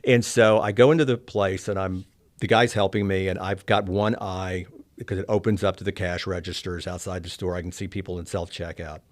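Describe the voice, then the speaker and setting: Low-voiced man telling a personal story. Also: little pitch movement, fairly quick. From Oklahoma, US. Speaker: interview guest. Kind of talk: candid storytelling.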